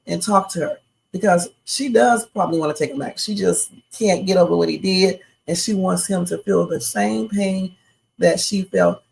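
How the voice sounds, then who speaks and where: Woman host, live reaction stream, opinionated and chatty, gravelly edge. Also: fairly low pitch, normal speed, a little mellow, rough recording. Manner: chatty, opinionated, talks to viewers as y'all. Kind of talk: casual live reaction commentary.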